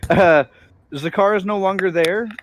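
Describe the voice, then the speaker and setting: A man narrating a tabletop role-playing game as game master, relaxed, with frequent fillers. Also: sits high, measured pace, slight background noise.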